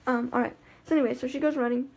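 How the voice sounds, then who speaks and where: A woman's voice: high voice, steady tone, racing, vocal fry, a little mellow, slightly rough. A woman talking in a casual vlog about life with her guide dog, chatty and rambling with lots of fillers and restarts.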